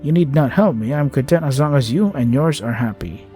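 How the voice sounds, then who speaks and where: A weary, tender old creature with many spindly limbs speaks softly and soothingly, as a man voices it. The tone stays mellow and warm. Faint music plays behind it. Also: medium pitch, animated, lightly acted. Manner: slow, soft and soothing. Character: ancient gentle spider-like creature, tender and weary.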